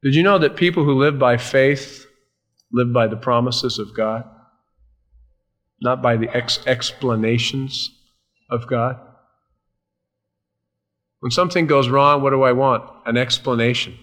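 Brief: male pastor, emphatic sermon delivery, slightly high voice, slows on key points. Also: lively intonation, a bit bright.

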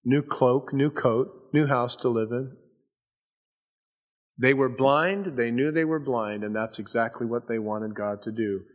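A man preaching a sermon. He swings from soft, slow scripture reading to loud, fervent emphasis, with chatty storytelling asides. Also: mid-range voice.

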